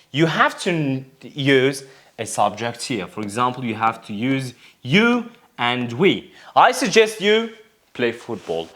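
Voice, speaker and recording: A male English teacher with Kurdish as his first language walks through a grammar and pronunciation lesson at an unhurried pace. His pitch rises and falls a lot as he repeats words and asks the class questions. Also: a bit bright.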